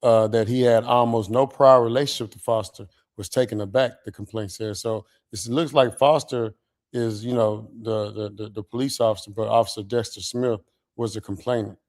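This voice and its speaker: A man's voice: lowish voice, fairly even intonation, moderate pace, a little mellow. A man co-hosting a radio show, reading a news story aloud and commenting casually with many fillers.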